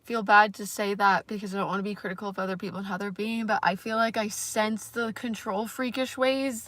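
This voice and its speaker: A female vlogger talks casually on a livestream, rambling and self-conscious, with plenty of fillers and the occasional swear word. Her voice is mid-range and fairly bright, with fairly even intonation and a fairly quick pace. The recording is dry.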